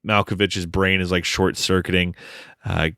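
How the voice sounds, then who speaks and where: A man co-hosts a casual movie podcast in a low, smooth voice. He is wry and swears casually, and he laughs at what he recounts. The sound is close and dry. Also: flat delivery, moderate pace, a bit bright, dry recording. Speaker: podcast co-host. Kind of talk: casual film discussion.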